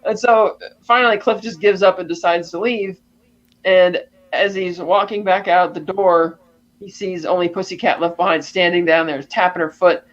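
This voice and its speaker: A man's voice: sits high, steady tone, normal speed, a bit bright, lo-fi sound. A man co-hosting a podcast, animatedly retelling a movie scene and acting out the characters' lines. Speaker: podcast co-host. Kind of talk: casual film recap.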